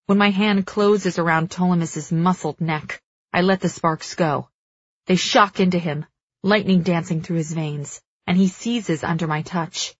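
A woman narrating dramatic first-person fiction as an audiobook reader, measured and slowing for tense moments. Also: on the low side, husky, dry recording, muffled recording.

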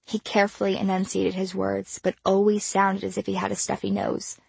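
Casting note: female audiobook narrator, measured and expressive, slightly husky, dry booth sound. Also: medium pitch, no echo.

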